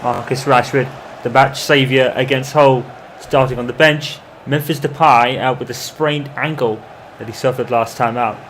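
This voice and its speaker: A man commentating over his own football video game in the style of a match broadcaster, calm between plays and erupting into shouts when a goal goes in. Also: mid-range voice, normal speed, a little hiss or hum. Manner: excitable, bursts into shouting on goals. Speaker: gamer doing mock football commentary. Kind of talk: playful imitation of match commentary over gameplay.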